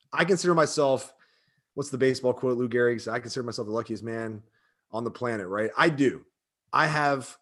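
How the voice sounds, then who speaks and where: A man in his thirties talking casually and emotionally, with lots of fillers and rambling asides. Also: medium pitch. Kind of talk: casual chat.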